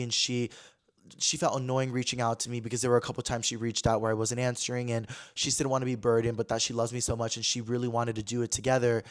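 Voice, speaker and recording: A young man in his twenties hosting a podcast, telling a personal story in a chatty, animated way full of fillers and quoted voices. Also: mid-range voice. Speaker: podcast host. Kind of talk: casual storytelling chat.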